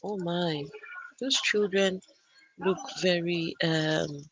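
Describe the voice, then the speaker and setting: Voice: medium pitch, takes it slowly, a bit bright, dry recording, poor audio. An adult parent hosting a casual live stream from a gaming arena computer, chatting and greeting viewers by name. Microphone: arcade computer, no camera.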